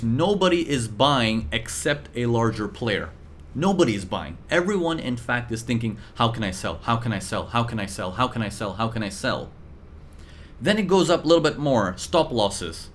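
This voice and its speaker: A man teaching traders in a live class, talking lively and acting out the voices of buyers and sellers. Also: medium pitch, slight background noise. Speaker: trading mentor.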